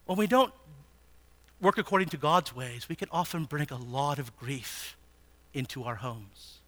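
A man teaching a Bible passage in a sermon, animated and asking his listeners frequent rhetorical questions. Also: medium pitch, a little slow.

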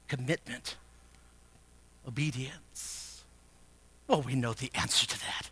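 A man preaching a sermon, moving from hushed murmured questions to shouted, emphatic exhortation. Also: medium pitch, animated, measured pace, long pauses, husky. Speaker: pastor.

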